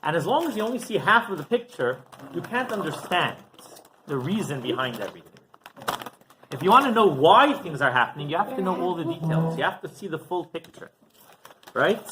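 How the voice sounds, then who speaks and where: A rabbi giving a storytelling sermon, animated and often asking rhetorical questions. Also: male voice, on the high side, brisk, background noise.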